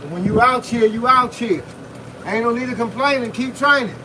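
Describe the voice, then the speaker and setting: A man, a boxing fitness coach, live-streaming a workout outdoors in freezing wind, giving loud, punchy motivational talk while punching a heavy bag. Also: very high voice, moderate pace. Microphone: phone camera set at a distance. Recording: distant phone mic with wind noise.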